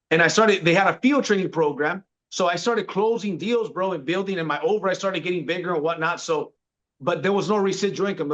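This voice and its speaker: A man in his forties, appearing as a podcast guest, tells the story of his career in a relaxed, casual way and calls the listener bro. His voice is high and fairly bright, on a dull lo-fi recording.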